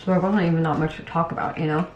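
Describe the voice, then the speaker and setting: A young woman talking casually to camera in a home vlog, chatty and laughing often, her voice sometimes dropping to a soft murmur. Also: low voice, fairly even intonation, racing, lo-fi sound. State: teary from crying. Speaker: vlogger. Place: home, indoors.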